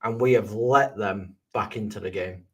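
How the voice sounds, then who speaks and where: A man's voice: lowish voice, normal speed, fairly bright tone. A tired man on a fan show, bluntly venting his annoyance about a match. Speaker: co-host pundit. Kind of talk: casual football chat.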